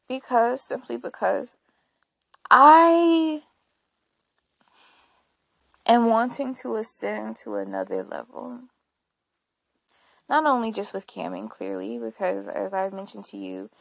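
A woman's voice: on the high side, creaky, fairly bright tone, no echo. A woman hosting a casual solo podcast, talking candidly and rambling, often laughing and swearing along the way. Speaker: podcast host.

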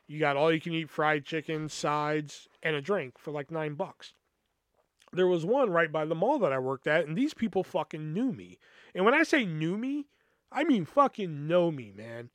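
A podcast host tells a personal story, rambling casually, swearing often and piling on fillers. His voice is on the high side, animated and fairly bright, with a moderate pace and clean studio sound with no room echo.

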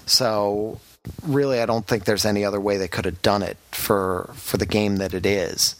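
A man's voice: lowish voice, fairly even intonation, normal speed. A man hosting a podcast, giving a frank, rambling game review in casual chat, with many fillers and restarts. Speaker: podcast host reviewing games.

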